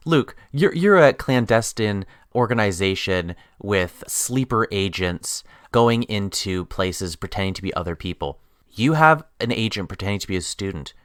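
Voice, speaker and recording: A man's voice: lowish voice, expressive, moderate pace, fairly bright tone, clean tone, dry recording. A man co-hosting a podcast, picking apart a TV episode in casual chat with a dry, critical manner. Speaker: podcast co-host.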